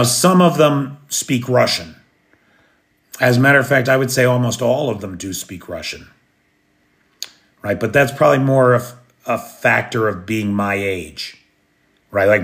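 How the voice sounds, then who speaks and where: A gravelly-voiced American host streams live at night from his home in Kyiv, reading viewer comments and rambling chattily with plenty of restarts and fillers. His voice sits at medium pitch with a fairly bright tone.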